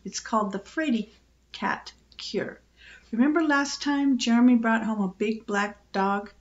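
An older woman, a grandmother storyteller, reading a children's book aloud in a gently expressive way. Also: a little high, measured pace, lo-fi sound.

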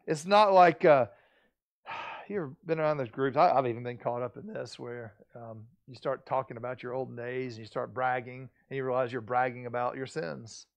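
A man's voice: mid-range voice, fairly even intonation, normal speed, gravelly, no room sound. A middle-aged man preaching a sermon as pastor, earnest and emphatic, often restarting phrases and rising in intensity on key points.

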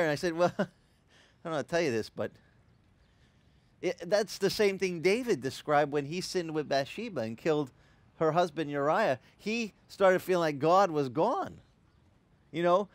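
A man preaching a sermon as pastor, telling stories and acting out quotes with animated energy. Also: on the high side, moderate pace, dry recording. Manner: animated storytelling with acted-out quotes. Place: church.

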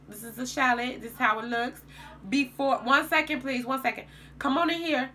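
A woman's voice: high-pitched, steady tone, moderate pace, sharp tone, slight background noise. A woman chatting casually to viewers as she cooks in her home kitchen. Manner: chatty, addresses viewers while cooking. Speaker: home cook vlogger. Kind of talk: casual cooking vlog.

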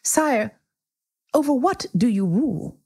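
A woman's voice: on the high side, expressive, slow pace, darkish tone, slightly rough, voice pushed up, full character voice. A woman doing a timid little boy prince. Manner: timid and politely apologetic.

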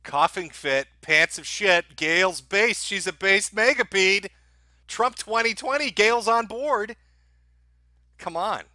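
A man's voice: sits high, takes it slowly, sharp tone, dry recording. A man hosting a live stream, reacting with profane, laughing, mocking commentary. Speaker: stream host.

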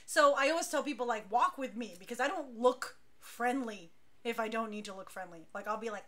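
A woman leading a dance crew, telling stories casually on a talk show, chatty and animated, laughing now and then. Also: on the high side, brisk, slight background noise.

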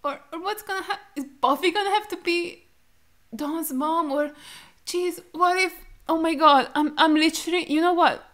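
A woman's voice: very high-pitched, moderate pace, fairly bright tone. A young woman reacting to a show while crying, distraught and pleading in disbelief, swearing now and then. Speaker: reaction video host. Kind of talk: emotional reaction commentary.

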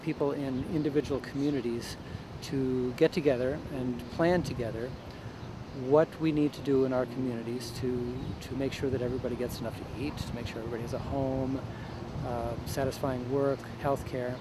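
A man's voice: medium pitch, steady tone, a little fast, background noise. A man earnestly explaining his economic reform project in an interview.

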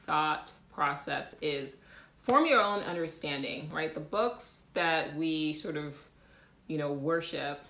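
A woman hosting a casual livestream, talking in an animated way with frequent laughs, fillers and restarts. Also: low-pitched, slow, reverberant. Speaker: livestream host.

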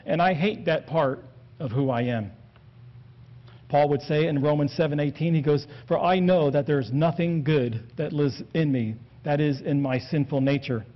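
A man preaching an earnest sermon, steadily working through scripture quotes. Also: fairly high pitch. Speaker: pastor. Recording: dull lo-fi recording.

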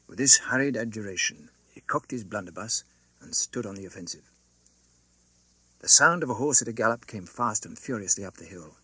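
A male narrator reads a classic novel with a lively, dramatic rise and fall in his voice. His tone is bright with a faint husky edge. The recording is dry and close-miked. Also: fairly low pitch, fairly quick, no room sound. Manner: expressive, dramatic reading. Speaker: audiobook narrator.

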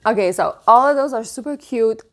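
A woman in her thirties chatting casually at home while showing off a haul, gushing and now and then cooing in a high baby voice. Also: animated, a little fast. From Canada. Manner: gushing, coos in a high baby voice at her dog and cute mugs. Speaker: vlogger. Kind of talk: casual show-and-tell haul.

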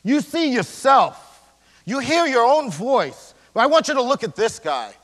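High, lively-voiced male pastor preaching. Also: a little slow. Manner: swings between loud emphasis and hushed near-whispers; casual slangy preaching. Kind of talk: sermon. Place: church sanctuary. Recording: long church hall reverb.

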